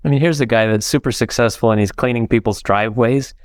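A man's voice: medium pitch, fast talker, dry recording, clean studio sound. An older man from the United States, a podcast guest telling heartfelt stories in an earnest way. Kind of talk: interview storytelling.

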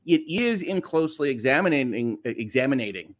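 A man's voice: medium pitch, very animated, moderate pace. A middle-aged man, hosting a casual morning live stream in an upbeat, chatty way with many fillers. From United States. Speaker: host.

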